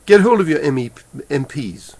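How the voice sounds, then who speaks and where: A man angrily delivering a heated political rant to his webcam, halting and repeating himself as he goes. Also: a little high, big pitch swings, darkish tone. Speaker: political commentator. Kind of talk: impassioned political rant to camera. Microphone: webcam microphone.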